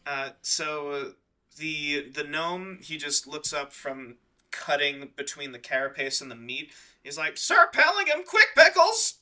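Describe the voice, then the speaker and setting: A man narrating as dungeon master in a tabletop game, relaxed and full of hesitant ums. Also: fairly high pitch, a little slow, clear, resonant tone.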